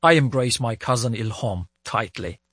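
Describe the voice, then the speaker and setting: A man's voice: mid-range voice, animated, moderate pace, fairly bright tone, slightly rough, no room sound, clean studio sound. A man in his forties reading a scripted first-person radio essay in a reflective, storytelling way. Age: 40s. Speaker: correspondent.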